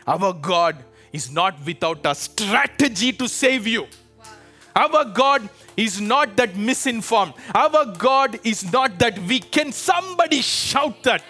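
A man with a high, bright voice preaches a fervent sermon, calling out to his congregation and pressing them to answer. Soft music runs underneath his voice. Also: animated, slow pace. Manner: fervent, exhorting, calls out to the congregation. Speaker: pastor. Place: church with a live congregation.

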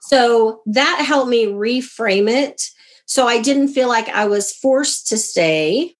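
With a fairly high voice and an unhurried pace, an American author being interviewed recounts something personal. She tells it with animation, voicing each quoted exchange.

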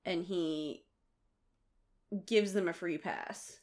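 A woman in casual chat, calmly explaining plot details in a matter-of-fact way. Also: lowish voice, extremely slow. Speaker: podcast co-host.

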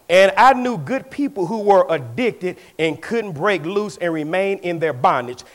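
Pastor preaching with lively swings. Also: male voice, high voice. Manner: preaching with swings between shouts and hushed asides. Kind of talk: sermon. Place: church.

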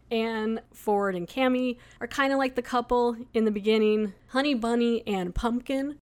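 A chatty woman hosting a podcast and recapping an episode casually. She talks loosely, with lots of fillers and asides. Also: fairly high pitch. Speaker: podcast host.

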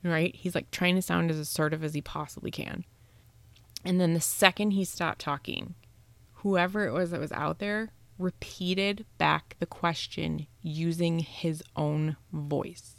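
Low gravelly-voiced woman telling a spooky story. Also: measured pace, dry recording. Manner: animated, swears freely, acts out quoted voices. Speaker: podcast host telling a ghost story. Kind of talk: casual storytelling chat.

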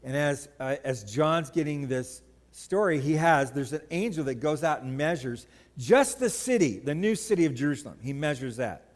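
Chatty joking pastor in a reverberant hall. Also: male voice, on the high side, moderate pace. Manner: conversational, joking, animated storytelling. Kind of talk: sermon. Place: church sanctuary.

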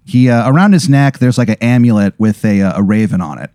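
A man's voice: on the low side, animated, fast talker, dark tone, no room sound, clean studio sound. A man casually spinning a rambling hypothetical story, full of "like" and "you know what I mean.". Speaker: host telling a hypothetical.

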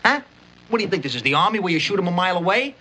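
Mob boss, mocking and menacing, fast and punchy, bright voice. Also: male voice, sits high, exaggerated voice. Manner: mocking, menacing, animated street talk. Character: gruff mob boss scolding a young man.

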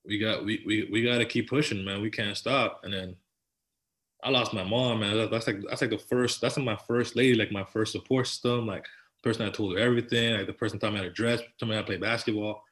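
Earnest young man, lowish voice. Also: fairly even intonation, a little fast, fairly bright tone. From Toronto, Canada. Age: 20s. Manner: earnest, repetitive, slang-filled, "man" and "bro". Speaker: podcast guest. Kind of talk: personal storytelling in casual conversation.

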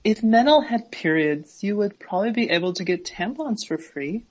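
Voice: mid-range voice, animated, normal speed, slightly rough, highs cut off. A co-host in a casual chat, reading comments and giving dry, skeptical retorts.

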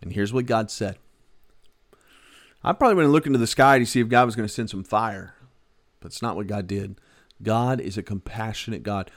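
A man's voice: fairly low pitch, fast. Man preaching a Bible sermon. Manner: reads old scripture aloud, then retells it in lively everyday words.

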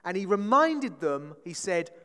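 A man preaching a conversational sermon, often checking in with the congregation with a quick "right?". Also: high-pitched, very animated, sharp tone, long reverb tail.

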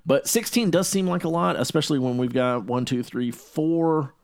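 A man's voice: on the high side, moderate pace, creaky. A man co-hosting a casual podcast, rambling and upbeat as he talks through lists. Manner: rambling, upbeat, counts things out loud. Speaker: podcast co-host. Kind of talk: casual chat.

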